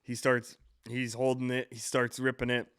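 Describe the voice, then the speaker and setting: In a completely flat delivery at a moderate pace, a man in his twenties hosts a podcast and tells a long, meandering story with lots of swearing and self-correcting restarts. His mid-range voice is smooth and a bit bright. The recording is dry, clean studio sound.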